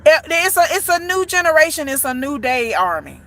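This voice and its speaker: A woman with a high, bright and forceful voice delivers ranting commentary as a content creator. She is blunt and emphatic and curses freely. Her delivery leans into every point. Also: sing-song, fairly quick, slight background noise. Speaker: pop group fan content creator.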